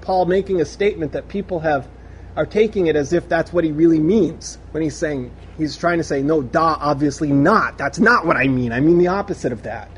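A man's voice: high voice, darkish tone, slight background noise. A man teaching a conversational scripture lesson, rereading passages aloud and explaining them in an emphatic, chatty way. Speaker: Bible study teacher.

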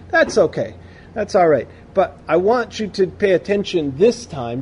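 A man's voice: high-pitched, animated, moderate pace, a little mellow, breathy edge. A man teaching a conversational scripture lesson, rereading passages aloud and explaining them in an emphatic, chatty way. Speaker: Bible study teacher.

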